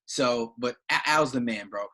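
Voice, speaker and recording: A man's voice: medium pitch, unhurried, pushed and bright. A man co-hosting a podcast, making fight picks in a loose, enthusiastic chat full of slang and repeated phrases. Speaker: podcast co-host. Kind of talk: casual sports chat.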